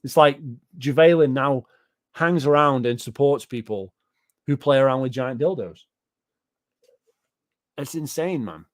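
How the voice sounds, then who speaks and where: A man rants on a livestream, rambling and swearing as he reacts to chat with disbelief. His voice sits at an ordinary middle pitch, and the sound is close and dry, with no room around it. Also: a little slow, pauses often, no echo. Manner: profane, rambling, incredulous. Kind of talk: casual ranting livestream commentary.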